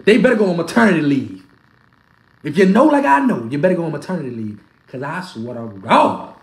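Hoarse sports fan heckling and ranting, voice jumps up and down a lot. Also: medium pitch, brisk. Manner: animated, excitable, heckling. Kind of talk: trash-talking reaction rant. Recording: echoey room.

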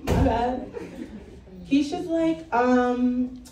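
A woman's voice: fairly high pitch, normal speed. A woman from Brooklyn doing a stand-up set on a comedy club stage, telling stories in a blunt, profane way. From Brooklyn, New York. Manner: blunt, profane, animated storytelling. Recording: echoey club, mic heard from a distance, crowd laughter.

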